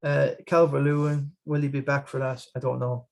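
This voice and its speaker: A man's voice: mid-range voice, little pitch movement, moderate pace, creaky. A man with an Irish accent hosting a casual fantasy football chat, rambling along with frequent restarts and repeated words. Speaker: podcast host.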